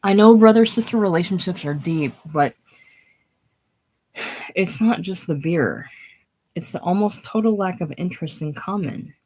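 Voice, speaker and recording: A woman reading the part of a high-strung, romantic schoolteacher in a casual play reading, speaking in a breathless, theatrical way. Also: lively intonation, moderate pace, pauses often, warm tone, low-quality recording. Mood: indignant.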